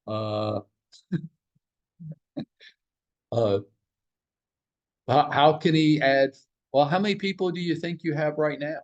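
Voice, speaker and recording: A man's voice: on the high side, slow, pauses often, muffled recording. A man leading a team training huddle, joking and teasing as he fires questions at the room. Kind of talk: live training talk to a room.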